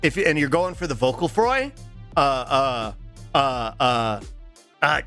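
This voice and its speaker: A young man streaming, chatting casually to his viewers, rambling and swearing as he slips into quick voice impressions. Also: medium pitch, sing-song, sharp tone, soft background music. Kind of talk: casual livestream chat.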